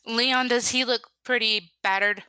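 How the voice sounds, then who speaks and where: Slow-talking bright-voiced woman player. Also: fairly high pitch, steady tone, smooth, no room sound. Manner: playful, banters, talks through her rolls. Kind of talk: playing a tabletop game, casual.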